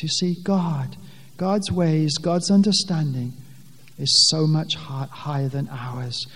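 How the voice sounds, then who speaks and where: A man preaching a sermon from a pulpit, speaking earnestly in plain words, often restarting his sentences and rising loudly when he quotes scripture. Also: fairly high pitch, fairly even intonation, slow, breathy edge, in a large hall. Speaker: pastor. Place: church with a pulpit, long reverb.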